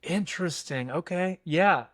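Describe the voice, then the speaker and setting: Easygoing male co-host, fairly high voice, unhurried, dry close sound. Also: a bit bright, dry recording. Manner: easygoing, short reactions, laughs often. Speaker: podcast co-host. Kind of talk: casual film podcast chat.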